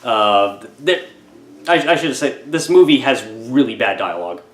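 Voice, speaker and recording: A man giving a casual, wry film review, digressive and halting, in a roomy echoey room. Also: mid-range voice, very animated, a bit bright.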